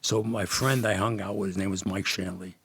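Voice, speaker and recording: Telling loose, wandering stories as a podcast guest, a man from Jersey City, New Jersey, laughs frequently and stumbles through false starts. He speaks fairly quickly in a low, husky voice that is steady and fairly bright, captured in a dry recording.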